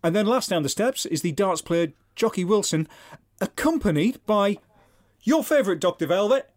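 A man's voice: high-pitched, animated, normal speed, no echo. A man trades dry, sardonic jabs in a casual comedy chat and swears freely. His voice sounds close and dry, with no room around it. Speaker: podcast co-host.

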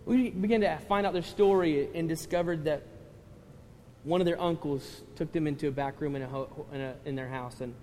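A man preaching a sermon as pastor, telling a story emotionally, swinging from loud to hushed and tearful at times. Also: mid-range voice, a little hiss or hum. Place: church sanctuary. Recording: church hall reverb with music.

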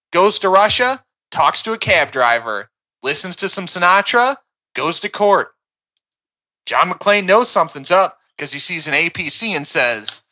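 A man with a very bright, cutting voice, pitched a little high, spilling out a profane, rambling recap in loose comedic banter. He talks over the others as a podcast co-host. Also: very animated, a little slow.

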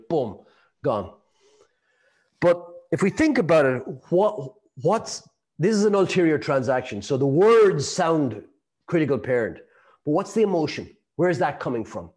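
Man lecturing with lively anecdotes. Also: medium pitch, normal speed. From Ireland. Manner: chatty storytelling with laughs and acted-out quotes. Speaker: sales trainer. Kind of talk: lecture to a live group.

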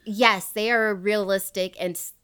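A woman hosts a casual podcast, retelling a true crime story in a chatty way, laughing often and quoting people along the way. Her voice is medium-pitched, smooth, and fairly bright, with fairly even intonation and a slightly slow pace.

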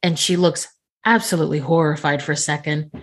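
Woman player narrating her character, low husky voice, lively and amused. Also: a little fast.

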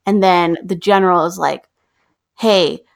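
A woman's voice: mid-range voice, moderate pace. A woman chatting casually with friends, retelling a film's plot and acting out the characters' lines. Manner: animated storyteller, acts out characters' lines.

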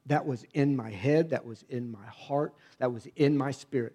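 Sharing a testimony from the pulpit, this middle-aged pastor speaks at normal speed in a medium-pitched voice. His storytelling is conversational, dropping to near-whispers and then building into emphatic outbursts.

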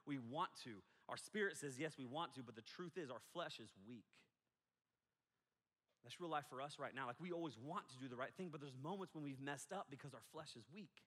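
A man preaching a sermon in a casual, animated way, breaking into asides and acting out quotes, heard in an echoey hall. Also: mid-range voice, breathy edge. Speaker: pastor.

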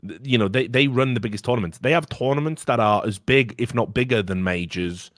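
A man talking on a podcast in a casual, heated rant, blunt and full of swearing. His voice sits at an ordinary pitch, and the recording is close and dry, with no room sound. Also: a little fast, a bit bright, dry recording. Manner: blunt and profane, heated ranting. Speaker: podcast host. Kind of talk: casual opinionated chat.

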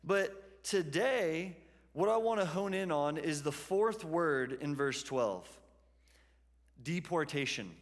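A man's voice: fairly high pitch, lively intonation, slow. A man preaching a sermon to a church congregation, telling stories in a conversational way. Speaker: pastor. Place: church hall. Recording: long hall reverb.

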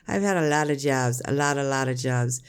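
An older woman, a podcast co-host, chatting casually with her son in a rambling, halting way with many restarts. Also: very deep voice, smooth. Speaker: podcast co-host, mother of the other host. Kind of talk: casual chat.

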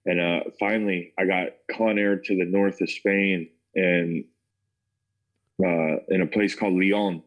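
A man's voice: sits low, fairly even intonation, measured pace, low-quality recording. An American man telling his life story in a casual interview, full of "like" and "man" fillers. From United States. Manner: casual, filler-heavy, says "like" and "man" often. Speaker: interview guest. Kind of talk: personal testimony storytelling.

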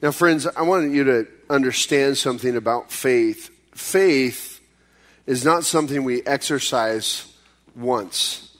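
A pastor preaching a sermon in a conversational way, acting out pleas in sudden high bursts and dropping low and slow for serious points. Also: male voice, fairly bright tone.

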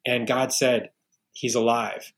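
A man's voice: medium pitch, little pitch movement, takes it slowly, a bit bright. Earnest storytelling man from New York. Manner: earnest storytelling, many restarts. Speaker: podcast guest, realtor. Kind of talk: casual interview talk.

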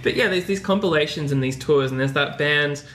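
Chatty podcast host. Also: male voice, on the high side, fairly quick, a bit bright. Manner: chatty, playful, laughs often. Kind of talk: casual chat.

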